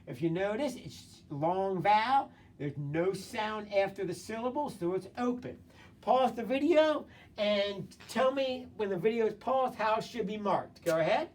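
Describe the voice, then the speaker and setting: This high-pitched male teacher guides a video phonics lesson, getting students to tap out sounds and read words at speed. A camera mic placed well across the room catches his repetitive, encouraging prompts, leaving his voice sounding far off.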